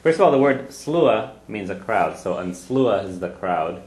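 Role: language teacher. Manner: patient, breaks phrases down word by word. Pitch: low. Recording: reverberant room. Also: male voice, sing-song, measured pace, few pauses, darkish tone. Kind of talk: teaching a group class. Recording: echoey room.

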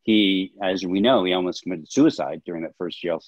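Low-voiced guy, historian and director, explaining stuff earnestly, dull dry lo-fi audio. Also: a little fast, no echo. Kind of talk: casual interview answers.

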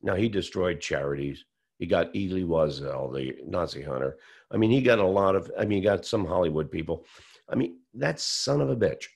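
Deep gravelly older guy telling his story, acts out the quotes. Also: animated, normal speed, darkish tone. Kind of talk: storytelling interview.

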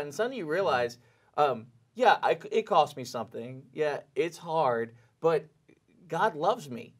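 A man's voice: medium pitch, expressive, quick pace. A man co-hosting a church teaching conversation, speaking in a reflective, affirming way. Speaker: co-host. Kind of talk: conversational sermon discussion.

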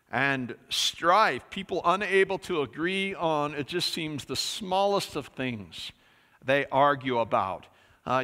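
Bright-voiced man preaching in a reverberant church. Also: fairly high pitch. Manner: conversational preaching with many fillers. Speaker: pastor. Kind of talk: sermon. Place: church sanctuary.

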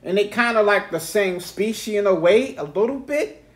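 A man's voice: high-pitched, expressive, normal speed. A man hosting a reaction video, telling a rambling, profane story in casual chat.

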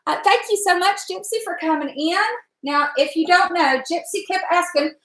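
A woman's voice: very high-pitched, normal speed, fairly bright tone. A woman with a Southern American accent hosting a casual cooking live stream, chatting with viewers, greeting them by name and laughing often. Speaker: cooking channel host. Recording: echoey room.

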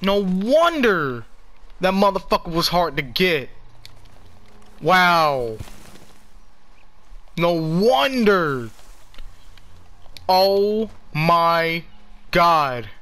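A man casually commenting while playing a video game, excitable and swearing a lot. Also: high-pitched, extremely slow, long pauses. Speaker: gamer.

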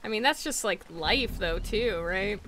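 A woman streaming a video game, loudly and expressively reacting to it and talking to the game characters as she plays. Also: medium pitch, lively intonation, a little slow, noisy background. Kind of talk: live gameplay commentary.

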